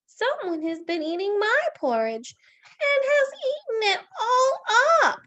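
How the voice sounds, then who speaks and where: A woman voicing a tiny young male bear cub with a squeaky, wailing voice. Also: very animated, a little slow, exaggerated voice. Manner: wailing, high and shouted.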